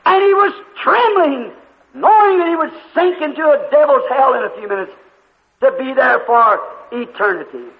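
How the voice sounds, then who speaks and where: A man's voice: extremely high pitch, expressive, moderate pace. A male preacher delivering a sermon, telling a story fervently and drawing out emphatic phrases. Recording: tinny lo-fi recording with hall echo.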